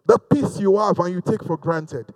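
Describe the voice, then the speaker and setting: A man preaches with fervor in a voice pitched high for a man. He repeats key phrases for emphasis and swings between ringing exhortation and hushed, confiding asides. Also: normal speed, poor audio. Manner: fervent, repetitive, swings between loud exhortation and low asides. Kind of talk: sermon.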